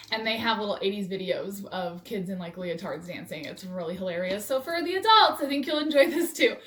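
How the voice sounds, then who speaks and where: A woman's voice: on the high side, a bit bright. A woman teacher showing a movement game on video, cheerful and chanting rhythmic cues for toddlers. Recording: echoey room, voice from far off.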